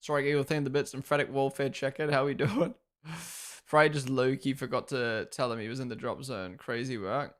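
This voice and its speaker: A man's voice: mid-range voice, steady tone, moderate pace. A young man casually commentating live on a stream, reacting and thanking viewers by name. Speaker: streamer hosting a watchalong.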